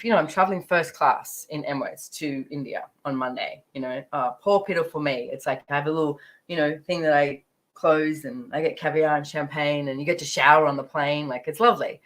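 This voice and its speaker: A woman's voice: low voice, rough recording. A middle-aged woman casually telling a personal story about money, chatty and rambling with lots of fillers. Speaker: speaker sharing her money journey.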